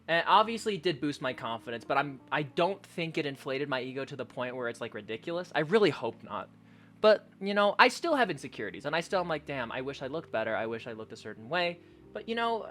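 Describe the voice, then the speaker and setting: A young man, a content creator, answering fan questions in a casual vlog, joking, swearing and doing silly voices in his stories. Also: slight background noise. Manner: animated, jokey, swears often, does high silly voices in stories.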